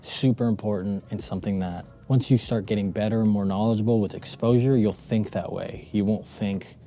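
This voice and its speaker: A young man mentoring a beginner in a casual teaching vlog, emphatic and animated, laughing often. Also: medium pitch, fairly quick, hardly any pauses, soft background music.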